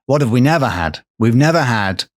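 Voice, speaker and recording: A man hosting a podcast, telling a folk tale in casual chat, playful and quick to laugh. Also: mid-range voice, animated. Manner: playful, laughs often, tells folklore. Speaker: podcast storyteller host.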